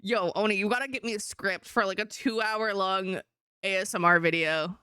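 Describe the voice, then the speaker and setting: A woman's voice: medium pitch, moderate pace, sharp tone, smooth, no echo, studio quality. A woman streaming live and chatting casually, laughing often and swearing now and then.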